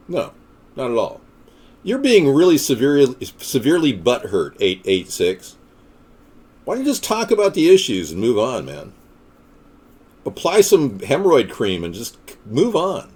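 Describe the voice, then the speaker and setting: A man's voice: mid-range voice, wildly swooping pitch, moderate pace, a little mellow, slightly rough. A man hosting a casual live stream as a political candidate, rambling off the cuff with jokes and reading viewer comments aloud.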